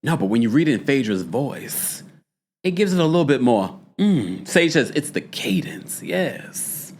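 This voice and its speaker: Guy doing a reality tv recap stream, super lively pitch, laughs a lot, reads chat out loud. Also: normal speed. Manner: animated, laughing, reads chat comments aloud; puts on a dramatic voice to read taglines. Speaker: host.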